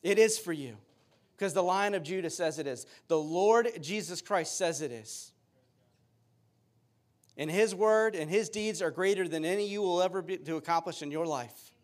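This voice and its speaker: Male pastor, high tenor, earnest sermon delivery with read-aloud scripture. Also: normal speed.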